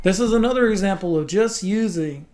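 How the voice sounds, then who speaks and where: Laid-back male guitar teacher, talks casually and scats the rhythms, loud guitar playing behind him. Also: sits high, brisk. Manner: relaxed, chatty, scats rhythms aloud.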